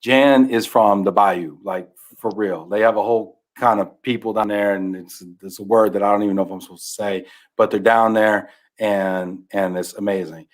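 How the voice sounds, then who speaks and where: A lowish-voiced man speaking at a moderate pace joins a podcast as a guest for a casual chat. He narrates a children's book with energy, but his speech often drops off into a mumble.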